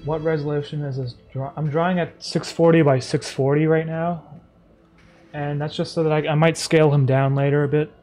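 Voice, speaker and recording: Soft-spoken man chatting while he draws. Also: on the high side, little pitch movement, a little fast, soft background music. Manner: soft-spoken and rambling, with many fillers. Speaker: streamer and animator. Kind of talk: casual live-stream chat while drawing.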